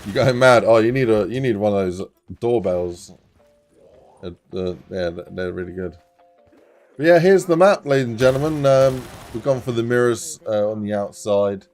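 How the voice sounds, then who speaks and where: A low-voiced man chats casually on a live stream while he builds a game level. He gets excited and laughs a lot, with the odd curse. Faint music plays behind him. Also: normal speed. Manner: excitable, swears, laughs often, bursts into shouts.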